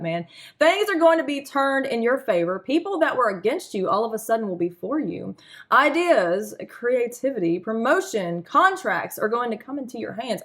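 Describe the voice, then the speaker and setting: A woman's voice: fairly high pitch, a bit bright. A woman giving a casual spiritual card reading to her viewers, earnest and chatty, often laughing and calling them y'all.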